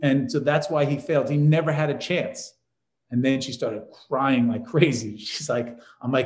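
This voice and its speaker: A man's voice: fairly high pitch, moderate pace. A man from New York, a doctor and podcast host, telling a story in casual conversation and acting out the people he quotes. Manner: animated storyteller, acts out quoted voices. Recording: roomy echo.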